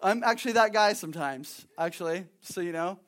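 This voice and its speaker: A young man preaching a sermon in a conversational, animated way, acting out little asides. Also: sits high, a little fast. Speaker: pastor.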